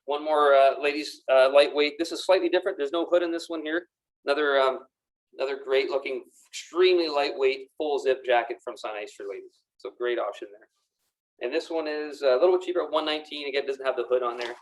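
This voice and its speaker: Speaking a little fast at medium pitch, a man demonstrates golf apparel to the camera inside a pro shop. He's chatty and enthusiastic in this casual presentation, often repeating words, and the camera mic travels around the room with him.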